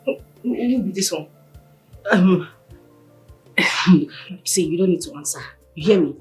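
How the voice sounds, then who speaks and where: An actress with a Nigerian accent playing a wronged wife who mixes English and Pidgin in a Nollywood film. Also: female voice, fairly low pitch, animated, slow, a little mellow, soft background music, poor audio. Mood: defensive. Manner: mixes English and Pidgin, stammers when cornered. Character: wronged wife, fiery when provoked.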